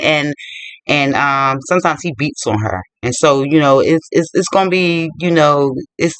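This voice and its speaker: A man's voice: mid-range voice, fairly bright tone, dry recording. A man retelling a novel's plot in a chatty, loose way, full of fillers and asides to the viewer. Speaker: book vlogger. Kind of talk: casual book retelling.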